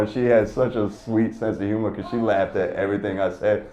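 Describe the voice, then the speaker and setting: A man's voice: on the low side, steady tone, brisk, few pauses, muffled recording, a crowd in the background. A man doing stand-up comedy, telling a story as a profane, exasperated rant.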